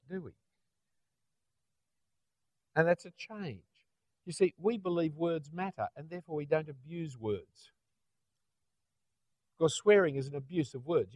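A man's voice: mid-range voice, no room sound. A middle-aged Australian man preaching a sermon in a conversational way, often ending points with rhetorical tag questions. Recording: dull, dry, lo-fi.

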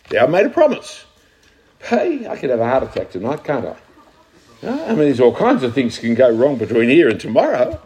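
A man's voice: medium pitch, a little mellow, husky. A man preaching a conversational sermon, teaching from scripture and asking his listeners questions.

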